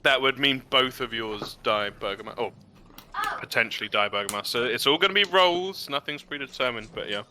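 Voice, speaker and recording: A man narrating and running a tabletop role-playing game in a relaxed, chatty way. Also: medium pitch, fairly quick, noisy background. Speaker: game master.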